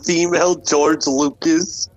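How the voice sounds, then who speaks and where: A man's voice: fairly high pitch, steady tone, slow, poor audio. A man playing a tabletop game who makes offhand jokes. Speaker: player. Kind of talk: casual tabletop game play.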